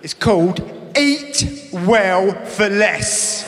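A man's voice: on the high side, animated, normal speed, background noise. A man doing a stand-up routine, mocking and chatty with tag questions. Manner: mocking, conversational with asides. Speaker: stand-up comedian. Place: large live venue. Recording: live in a large echoing hall with audience.

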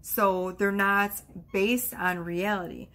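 A woman's voice: mid-range voice, steady tone, takes it slowly, bright, forceful tone. A woman giving a casual tarot card reading, chatty and reassuring, with frequent exclamations. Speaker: tarot reader.

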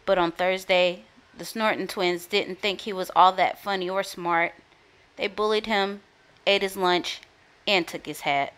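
A woman storyteller reading a children's book aloud in a lively, expressive way. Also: lowish voice, a little slow, clear, resonant tone.

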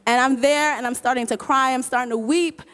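A woman choir member giving an earnest, emotional personal testimony at a church service. She talks haltingly, restarting and repeating words and often breaking into laughter. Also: high voice, fairly even intonation, a bit bright, smooth.

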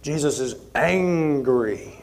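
A man preaching an expository sermon as pastor, conversational, moving between forceful emphasis and quiet asides. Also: on the high side, lively intonation, takes it slowly. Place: church sanctuary.

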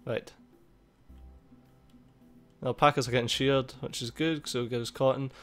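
A man giving casual, excitable gameplay commentary, swearing a lot and laughing at the game. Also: mid-range voice, moderate pace. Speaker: gaming YouTuber. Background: faint game music.

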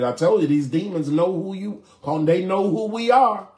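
A man preaching a sermon in a conversational way, often turning to his listeners to ask if they follow. His voice sits a bit high for a man, and the room gives it a roomy echo. He moves between reading scripture and plain talk. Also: lively intonation, normal speed, hardly any pauses, darkish tone. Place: church in Chicago. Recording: echoey room.

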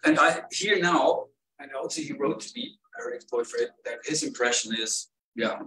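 A man's voice: mid-range voice, expressive, moderate pace, bright, forceful tone. A man talking through his pain in a rambling, emotional personal monologue as a vlogger. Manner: pained, rambling, rising to upset outbursts. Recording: roomy sound from a distance.

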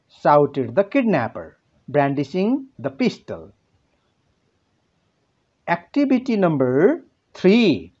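Slow Nepali-accented male teacher, lo-fi. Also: fairly high pitch, darkish tone, breathy edge. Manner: slow and deliberate, asks pupils questions and answers them himself. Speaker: English teacher. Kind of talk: classroom lesson narration. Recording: dull lo-fi home recording.

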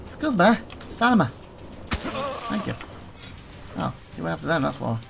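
Gravelly-voiced let's play gamer. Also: mid-range voice, background noise. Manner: chatty, talks to game characters, quick excited outbursts. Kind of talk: casual gameplay commentary.

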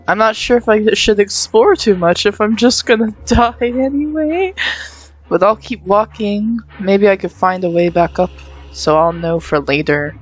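A woman giving chatty let's-play commentary as she plays a video game, giggling and poking fun at herself. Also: mid-range voice. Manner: chatty, giggly, self-mocking. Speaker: gamer playing through a game.

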